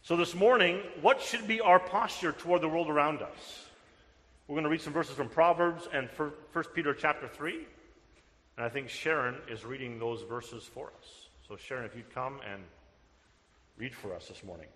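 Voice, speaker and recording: Man, pastor, high bright voice, earnest sermon, long church-hall reverb. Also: moderate pace. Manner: earnest, rhetorical questions and answers. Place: church sanctuary.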